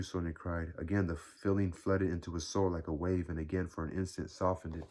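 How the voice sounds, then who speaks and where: A man reading a classic novel aloud as narrator, steady and measured. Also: low voice. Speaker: audiobook reader.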